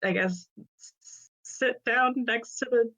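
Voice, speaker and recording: A woman's voice: fairly high pitch, unhurried, a bit bright, poor audio. A woman playing a tabletop role-playing game, casual and giggly as she describes her character's actions. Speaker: player.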